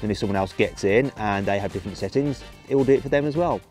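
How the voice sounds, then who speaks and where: A man's voice: on the low side, fast talker, darkish tone, soft background music. A man from the English Midlands with a British accent, presenting a car review in an upbeat, playful, chatty way. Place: in and around a car.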